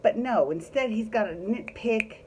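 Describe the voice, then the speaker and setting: A woman's voice: fairly high pitch, normal speed, a little mellow, a little hiss or hum, poor audio. A woman recapping a reality show in a chatty, opinionated way, swearing freely. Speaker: recap vlogger.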